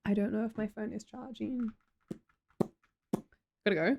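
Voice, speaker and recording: A woman's voice: medium pitch, unhurried, a little mellow. An Australian woman, a young adult, hosting a casual livestream chat, reading chat aloud and laughing often. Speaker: livestream host.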